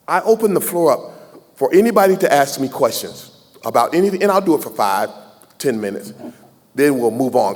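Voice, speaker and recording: A man in his sixties, from the American South, speaks with a medium-pitched, slightly mellow voice as he delivers a warm, folksy keynote at a gala. Between jokes with the audience, he takes questions. The large banquet hall's PA gives the sound a long reverb.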